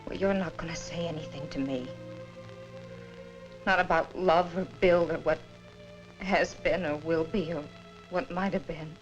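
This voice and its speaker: A woman's voice: low-pitched, fairly even intonation, dull audio, soft background music. An actress playing a grieving young woman who coldly refuses to listen to the man who wronged her. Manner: cold, measured, rising to anger. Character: bitter grieving young woman, cold and unforgiving. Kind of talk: old film acting.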